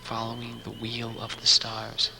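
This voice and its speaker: A man narrating reflective memories in an even, scripted storytelling manner. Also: medium pitch, measured pace, gravelly. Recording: narration with loud music underneath.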